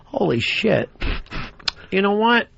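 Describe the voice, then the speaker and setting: Brief: high-pitched male radio host, foul-mouthed and lively storyteller, dull lo-fi broadcast sound. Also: slow, vocal fry, slightly rough, dry recording. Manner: animated, profane, laughs through stories. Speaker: radio talk show host. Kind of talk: profane storytelling chat.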